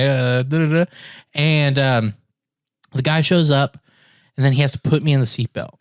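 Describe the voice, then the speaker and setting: A man's voice: medium pitch, a little fast, clean tone, no echo, studio quality. A man on a podcast telling a long story in casual chat, acting out what others said and laughing often. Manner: animated storyteller, acts out quotes, laughs often. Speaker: podcast co-host.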